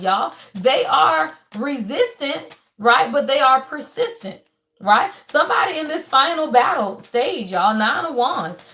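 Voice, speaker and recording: Woman, tarot reader, high voice, emphatic and cussing, animated, casual reading to viewers. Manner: emphatic and profane, keeps tagging lines with y'all; animated, breaks into laughs and shouts.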